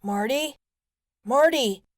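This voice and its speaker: A woman's voice: fairly high pitch, moderate pace, dry recording, clean studio sound, pitched above the performer's own voice, lightly acted. A woman voicing a teenage boy who gives urgent, commanding instructions over the phone.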